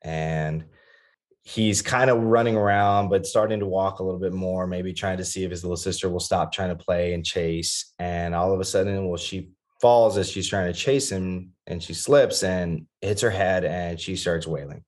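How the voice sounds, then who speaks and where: Deep-voiced man, earnest and rambling. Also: fairly even intonation, normal speed. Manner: earnest, rambling with many restarts. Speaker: podcast guest, father of three. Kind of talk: reflective podcast conversation.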